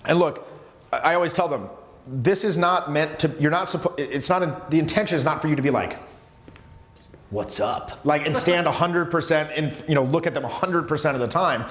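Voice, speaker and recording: A man coaching a live workshop on social skills, talking in an animated, emphatic way with many restarts. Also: on the high side, fast. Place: seminar room with students. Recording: echoey room.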